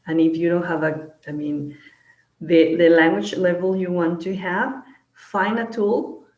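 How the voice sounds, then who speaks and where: A woman's voice: lowish voice, fairly even intonation, unhurried, darkish tone, reverberant, highs cut off. A woman panelist answering in an online webinar, rambling and often restarting with "I mean". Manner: rambling, keeps saying "I mean".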